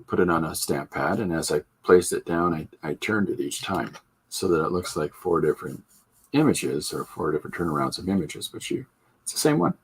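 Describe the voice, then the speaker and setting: A man's voice: low voice, expressive, fairly quick, slightly rough. A man hosting a live stream, chatting loosely as he demonstrates comic inking and coloring, rambling and joking with many fillers. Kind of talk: casual live drawing demonstration.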